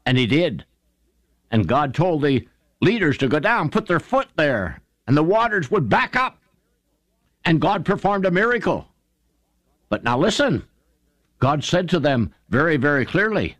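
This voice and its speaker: Fervent preacher man with a lively voice. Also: measured pace, long pauses, dry recording. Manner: fervent storytelling preacher, swings pitch up for emphasis; addresses listeners as friends. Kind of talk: sermon.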